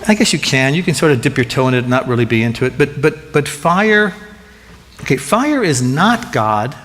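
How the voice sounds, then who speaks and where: A man preaching a sermon as pastor, animated and conversational, often restarting and repeating words as he gets excited. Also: medium pitch, moderate pace, long reverb tail.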